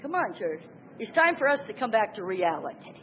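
A woman preaching a sermon, emphatic, swinging from loud exclamations to hushed asides. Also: mid-range voice, big pitch swings, normal speed. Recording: tinny phone-like sound with faint noise.

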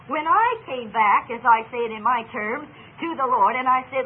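A woman's voice: a little high, normal speed, few pauses, breathy edge. An older woman preaching a sermon, telling stories earnestly and acting out the dialogue. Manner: earnest storytelling with quoted dialogue. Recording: tinny phone-line broadcast with faint hiss.

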